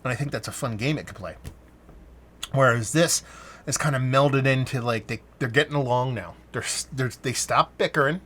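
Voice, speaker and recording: A man's voice: medium pitch, normal speed, bright, forceful tone, slight background noise. A man talking casually into a standalone mic, reviewing a beer in a rambling way, stopping and restarting his sentences and swearing now and then.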